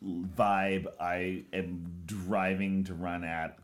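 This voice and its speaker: A man co-hosting a film podcast, retelling scenes in animated, profane bursts. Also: low voice, drawn-out words. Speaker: podcast co-host. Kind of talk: casual film podcast chat.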